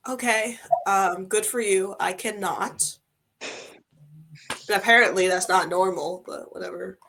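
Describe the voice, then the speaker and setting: A young woman hosting a casual interview, chatty and animated, with lots of filler words. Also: medium pitch, takes it slowly, creaky, a little hiss or hum. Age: young adult. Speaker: podcast host interviewing a student.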